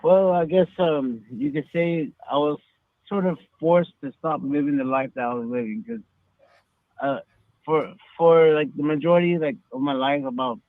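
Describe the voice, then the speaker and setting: A man in his thirties from Texas calls in and talks in a rambling, hesitant way. His voice is fairly high and gravelly, and it comes through a thin, tinny phone line. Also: no echo. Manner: rambling, hesitant, many fillers. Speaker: caller. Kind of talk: casual phone-in talk.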